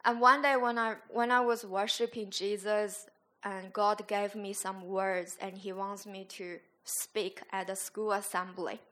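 A woman school chaplain giving an earnest, halting church testimony, sometimes searching for her words. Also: medium pitch, level tone, bright, forceful tone.

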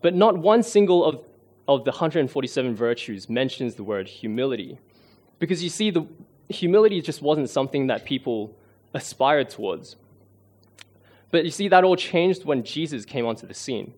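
A man, giving a sermon in an earnest, self-deprecating way, often pausing with fillers. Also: medium pitch, big pitch swings, darkish tone, breathy edge. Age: 20s. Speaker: lay preacher.

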